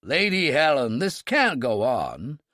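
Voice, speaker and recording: A man's voice: medium pitch, wildly swooping pitch, slow pace, sharp tone, dry recording, studio quality, heavily acted. A man voicing a loyal, anxious older male servant in an audiobook, pleading and heartfelt.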